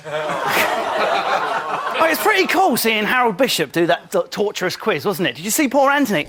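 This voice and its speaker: A man's voice: sits high, sing-song, moderate pace, very noisy. A man doing a mocking comedy monologue as a panellist on a live TV studio show, often mimicking people in silly voices. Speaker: comic panellist. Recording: loud studio audience laughing.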